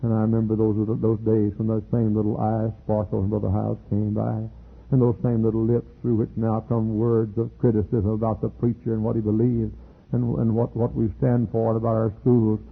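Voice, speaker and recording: An older man, a pastor, preaching a sermon with animated delivery and sudden leaps into high quoted voices. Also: a little fast, gravelly, slightly rough. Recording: tinny phone-like archive recording.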